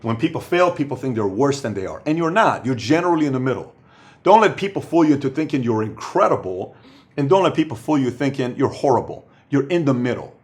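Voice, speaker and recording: A man's voice: medium pitch, lively intonation, fast talker. Emphatic man giving business advice. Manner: emphatic, repeats phrases for stress. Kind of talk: motivational talk to camera.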